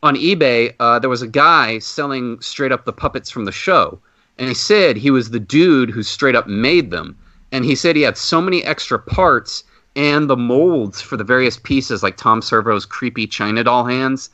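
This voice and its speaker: A man hosting a podcast, telling a long casual story and acting out loud exclamations. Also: mid-range voice, normal speed, no echo. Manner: animated anecdote with loud acted-out exclamations. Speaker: podcast host. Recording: dull muffled podcast audio.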